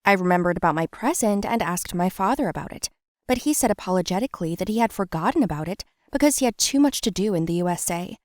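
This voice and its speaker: A young adult woman telling a scripted first-person story in a plain, steady way. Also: fairly low pitch, fast talker, no echo, studio quality. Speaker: narrator.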